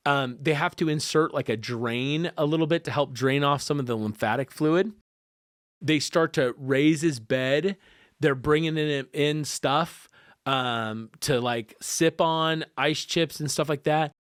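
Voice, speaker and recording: A man telling a personal story in a casual podcast conversation, animated and acting out the voices of the people involved. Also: a little high, unhurried, dry recording, clean studio sound. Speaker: guest.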